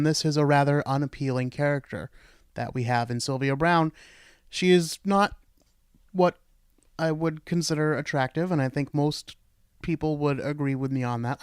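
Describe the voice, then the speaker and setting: A man's voice: on the high side, smooth, no room sound, studio quality. A man hosting a podcast, giving blunt, sarcastic commentary. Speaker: podcast host.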